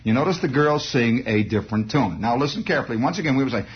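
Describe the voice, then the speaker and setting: A man's voice: medium pitch, animated, fast talker. A man telling a comic childhood story in a rambling, digressive way with wry asides. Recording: dull lo-fi recording.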